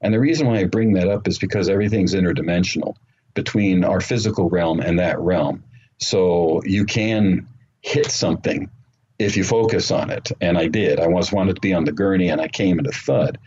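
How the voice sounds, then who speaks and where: Brief: low-voiced male interview guest, earnest storyteller full of fillers, muffled remote-call sound with a faint hiss. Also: moderate pace, darkish tone.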